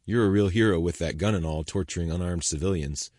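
Brief: man reading as taunting young male protester, confrontational, pushed higher than his own voice. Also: fast talker, darkish tone, dry recording, clean studio sound. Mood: defiant. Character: defiant, hot-headed young male protester.

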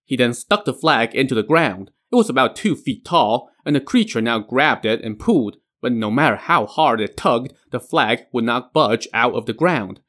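A man's voice: medium pitch, animated, normal speed, hardly any pauses, a bit bright. A man hosting a podcast, retelling a legend with casual asides. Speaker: podcast host. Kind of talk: storytelling narration.

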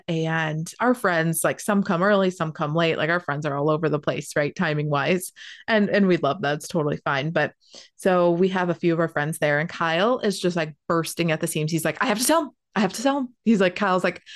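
A pregnant woman, telling a personal story in a chatty, animated way, with a lot of "like" and casual swearing. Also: fairly low pitch, no echo, studio quality. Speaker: spiritual healer sharing a personal story.

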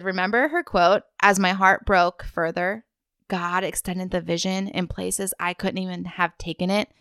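A woman hosts a faith-based wellness podcast, talking slowly and earnestly straight to the listener. Her voice is smooth and clear. The close mic sounds dry. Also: on the low side, a bit bright, dry recording. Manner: earnest, heartfelt, addresses listener directly. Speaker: podcast host.

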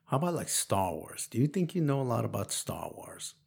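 A man in his forties hosts a laid-back podcast, playfully quizzing his young son and teasing him amid frequent laughter. His mid-range voice swings widely in pitch, moves fairly quickly, and has vocal fry with a slightly mellow, husky quality.

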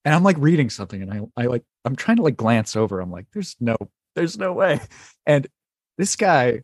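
A man hosting a casual podcast chat, telling stories in an animated way and swearing casually. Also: medium pitch, fast, slightly rough, dry recording. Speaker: podcast host.

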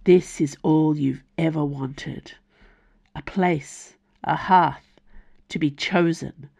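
A woman reading aloud, voicing a dark, possessive male god who is also a black raven, in a low, slow, menacing tone. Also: steady tone, gravelly, exaggerated voice.

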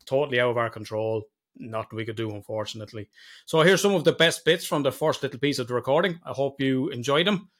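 A man's voice: medium pitch, fast talker, a bit bright. A man co-hosting a podcast in casual chat, sweary and teasing, laughing often. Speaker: podcast co-host.

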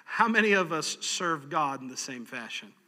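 A man's voice: fairly high pitch, bright, forceful tone, in a large hall. A man preaching a sermon in a folksy, practical way, chuckling often. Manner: folksy, practical, laughs easily. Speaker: pastor.

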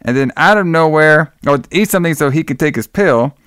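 A man's voice: fairly high pitch, lively intonation, brisk, fairly bright tone, smooth, dry recording, studio quality. An American man co-hosting a podcast, recapping a film in casual, profane, joking chat. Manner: blunt, profane, jokey, says "brother" a lot. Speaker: podcast co-host. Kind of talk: casual movie review chat.

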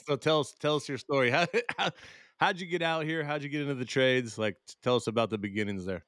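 A man's voice: mid-range voice, brisk, fairly bright tone, dry recording, clean studio sound. A man co-hosting a podcast, joking around and ribbing the guest in casual chat. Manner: joking, ball-busting banter. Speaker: podcast co-host.

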